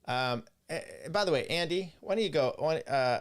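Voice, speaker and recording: A man's voice: medium pitch, animated, normal speed, clear, resonant tone. A man hosting a livestream, reading court rulings aloud in a casual, rambling way and breaking off for sarcastic asides. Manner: casual, rambling, with fillers and restarts. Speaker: podcast host. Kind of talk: livestream legal commentary.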